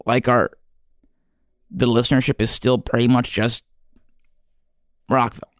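A man hosting a podcast in a rambling comedic monologue, halting and earnest, full of fillers and restarts, sounding self-doubting. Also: mid-range voice, little pitch movement, no echo, clean studio sound. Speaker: podcast host.

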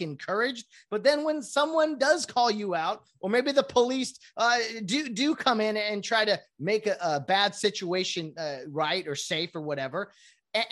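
A woman ranting casually to viewers about sports, rambling with many restarts and asides. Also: mid-range voice. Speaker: sports commentator.

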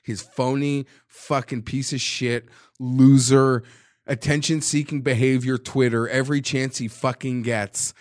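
A man on a casual sports podcast, ranting with a lot of swearing and breaking into shouts. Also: medium pitch, level tone, unhurried, no room sound. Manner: profane, ranting, swings into shouting.

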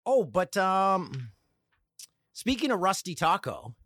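A man from Canada hosting a solo comedic podcast, talking in an animated, sarcastic way and slipping into mock voices. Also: sits high, slow, no room sound, clean studio sound. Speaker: podcast host.

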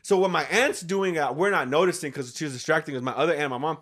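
A man in his thirties telling a story in casual podcast talk, animated and full of swearing. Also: fairly high pitch, fast talker. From United States. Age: 30s. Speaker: podcast guest.

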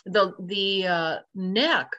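A woman's voice: medium pitch, drawn-out words, bright, forceful tone. A woman recounting a personal experience in conversation, acting out her own inner thoughts as she goes. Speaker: interview guest. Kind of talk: personal account told in conversation. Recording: slightly dull lo-fi recording.

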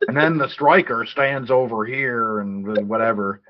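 An easygoing man co-hosting a casual film review podcast, often restarting his sentences and laughing. His voice has a mid-range pitch. The recording sounds dull and lo-fi. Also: a little slow. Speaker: podcast co-host. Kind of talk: casual movie review chat.

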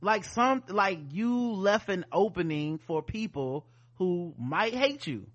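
Chatty man with a higher voice. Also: slow, lo-fi sound. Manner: animated, rambling, lots of fillers and asides. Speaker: podcast host. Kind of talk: casual chat.

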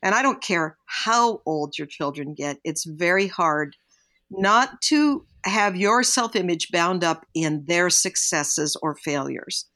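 A woman's voice: lowish voice, expressive, takes it slowly, sharp tone. An older woman, a guest on a parenting podcast, telling stories in an earnest, reflective way. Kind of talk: podcast interview.

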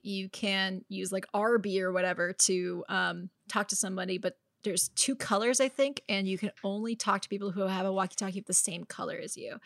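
A woman's voice: mid-range voice, creaky, a bit bright, no echo, clean studio sound. A young woman co-hosting a casual gaming podcast, telling stories animatedly with lots of "like" and laughter. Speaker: podcast co-host.

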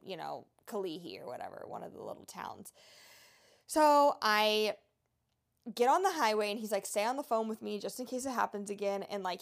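A young woman tells a personal story in a casual vlog, chatty and loose, filling her talk with "like" and acted-out quotes. Her voice sits at a middling pitch with a noticeable gravelly fry. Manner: chatty, lots of fillers, retells in quoted dialogue. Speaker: travel nurse vlogger.

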